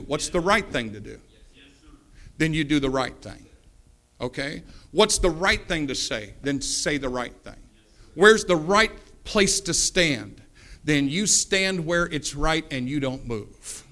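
Fervent high-voiced preacher. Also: male voice, a little slow. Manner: fervent, swings from low asides to loud climaxes; acts out Bible characters in the telling. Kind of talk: sermon.

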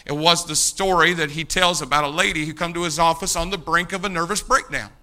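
A man preaching from the pulpit with a high, piercing voice. He hammers his points home, repeats key lines and swings between hushed lows and loud peaks. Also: fairly even intonation, a little fast. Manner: emphatic, rising to loud peaks and dropping low. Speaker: pastor. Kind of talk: sermon.

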